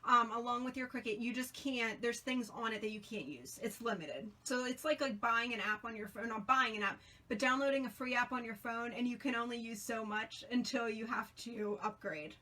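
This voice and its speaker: A young woman hosting a casual crafting tutorial, chatty and rambling with many fillers, and a bit hoarse as she is losing her voice. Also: a little high, normal speed, hardly any pauses, sharp tone. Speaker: crafting channel host.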